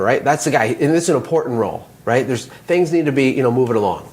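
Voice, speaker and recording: A man, a small business owner and coach, talking in a casual interview with animated, motivational storytelling. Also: medium pitch, quick pace, hardly any pauses.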